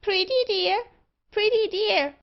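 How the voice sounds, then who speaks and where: Brief: shrieking high magpie, loud squawks, lo-fi audiobook. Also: female voice, slow pace, heavily acted. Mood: screeching. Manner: shrieking repeated cries. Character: shrill screeching pet magpie.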